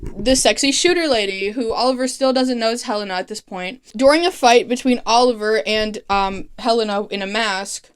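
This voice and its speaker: A young woman with a higher-pitched voice recaps a show in a casual, excitable way. She swears freely and laughs as she talks. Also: normal speed, clean tone. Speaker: recap vlogger. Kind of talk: casual plot recap with comic voiced quotes.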